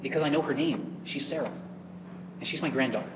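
A frail, gray-haired old grandmother who speaks gently, as a preacher puts her on. The voice is soft and a little low, and it rings through a large church hall with a long reverb. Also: quick pace, highs cut off, noisy background, natural voice. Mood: gentle.

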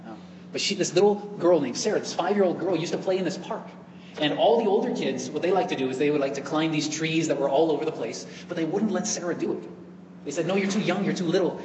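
A man preaching a homily in a storytelling way, with a voice that sits a little high. His words ring out through a large, echoey church with a long reverb tail. Faint room ambience sits underneath. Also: fast, background noise. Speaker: priest. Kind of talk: sermon.

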